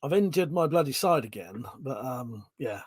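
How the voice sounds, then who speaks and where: A man's voice: mid-range voice, expressive, moderate pace, husky, no room sound. A man with a Home Counties English accent hosting a casual livestream, rambling through viewer comments, chuckling often and swearing now and then. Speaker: livestream host.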